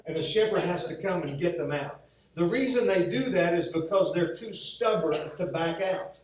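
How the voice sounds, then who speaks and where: With lively intonation and a high, darkish voice, a pastor preaches at a moderate pace, acting out quoted lines within humorous stories. The church sanctuary sounds very echoey, and the mic is placed far away.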